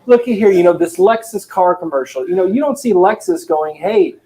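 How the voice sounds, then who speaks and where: A man's voice: sits high, fairly quick, rough recording. A man co-hosting a casual sales talk show, telling stories animatedly and acting out the quotes. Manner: animated storyteller, acts out quotes. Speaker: podcast co-host.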